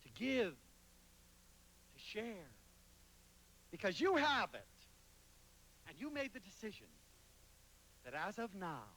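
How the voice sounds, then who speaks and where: A man giving a motivational lecture, telling anecdotes dramatically with sudden swings between loud and soft. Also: sits high, very animated, measured pace, pauses often, low-quality recording. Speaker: motivational speaker.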